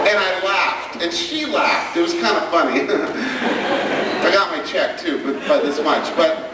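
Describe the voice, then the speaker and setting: A man's voice: on the high side, animated, normal speed, a bit bright. A middle-aged man tells humorous stories to an audience and keeps pulling the crowd in with questions. He is caught by a distant camcorder in a big, very echoey hall. Faint hiss sits under the voice. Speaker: speaker on parenting. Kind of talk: stage talk to an audience. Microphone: far camcorder. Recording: echoey camcorder recording from far off.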